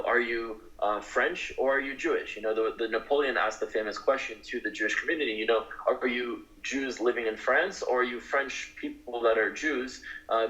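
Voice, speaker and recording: A man's voice: on the low side, fairly bright tone, dull audio. A man being interviewed, talking earnestly and building to passionate, emphatic declarations. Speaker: guest advocate. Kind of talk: interview talk.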